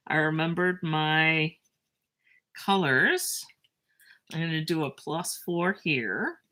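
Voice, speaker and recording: A woman teaching a math lesson in a chatty, self-mocking way, with lively asides and a drawn-out pace while she writes. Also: on the low side.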